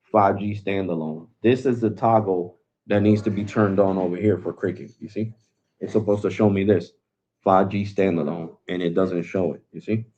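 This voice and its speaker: A man's voice: sits low, fairly even intonation, moderate pace, mellow. A man hosting a tech live stream, talking casually and loosely, calling viewers bro. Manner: laid-back, slangy, calls viewers bro. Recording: dull lo-fi sound.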